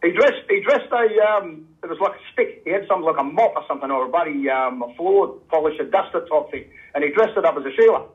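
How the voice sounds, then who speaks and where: An older Australian man rambles on a call-in radio show and drops "mate" into nearly every sentence. He talks quickly, and his voice sits a little high. The sound is dull and lo-fi, like a phone line. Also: animated. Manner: rambling, says "mate" constantly. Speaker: radio caller. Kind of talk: casual radio chat.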